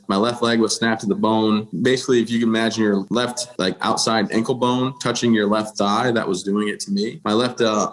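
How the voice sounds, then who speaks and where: A man's voice: on the low side, fairly bright tone, low-quality recording. A man in his thirties from the United States, a military veteran guest telling his personal story in a podcast interview in a plain-spoken, matter-of-fact way with dry self-deprecating humor.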